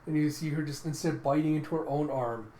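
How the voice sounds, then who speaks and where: A man's voice: a little high, fairly even intonation, fairly quick, dark tone. A man casually narrating a comic readthrough in a rambling play-by-play with fillers. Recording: roomy echoey room with faint hiss.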